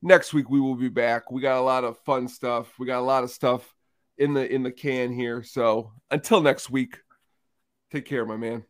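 A man co-hosting a casual film podcast. He talks in an easygoing, rambling way at an ordinary pitch, chatting loosely with his co-host. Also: fairly even intonation, moderate pace. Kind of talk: casual chat.

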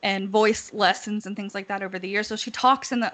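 A woman's voice: medium pitch, steady tone, fairly quick, fairly bright tone. A woman casually chatting as a podcast co-host, laughing often as she retells what she has heard. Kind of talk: casual chat.

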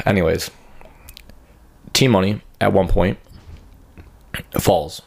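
A man's voice: sits low, very slow, vocal fry. Crude rambling young man telling stories. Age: 20s. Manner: profane, rambling storyteller who acts out others' lines. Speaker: podcast host. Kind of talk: crude casual chat.

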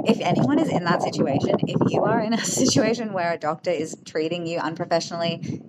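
A woman hosting a podcast, telling personal stories in an emotional, animated way, full of fillers. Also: low voice, background noise. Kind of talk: casual storytelling.

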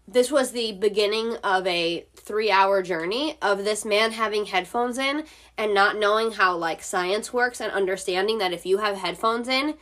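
A woman's voice: mid-range voice, a bit bright. A woman hosting a casual solo podcast from home, telling stories in a chatty way, swearing freely and filling her talk with "like.". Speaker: podcast host.

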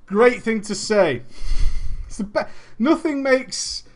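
A man's voice: extremely high pitch, expressive, takes it slowly. A man streaming, reading a story aloud and breaking off into mocking asides and frequent laughter.

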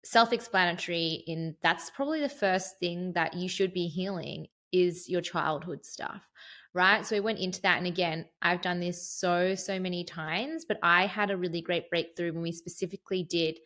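A young woman with a lowish voice chats candidly as a podcast co-host. She talks freely and openly, and drifts off on tangents. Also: normal speed, sharp tone. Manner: chatty, candid, tangent-prone. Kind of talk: casual chat.

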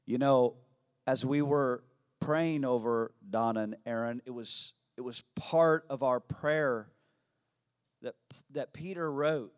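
A male pastor preaching at an unhurried, deliberate pace in a mid-pitched voice. He repeats phrases for weight and swings between hushed, near-whispered passages and loud, fervent peaks. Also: smooth. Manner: dramatic swings from hushed to shouting; slow, emphatic preaching with repetition. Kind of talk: sermon.

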